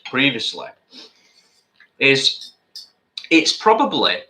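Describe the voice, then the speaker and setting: Chatty male co-host, animated bright delivery, roomy sound. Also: medium pitch, slow pace, background noise. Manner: chatty, reads viewer comments aloud. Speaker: co-host reading chat. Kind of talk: casual live-stream chat while eating.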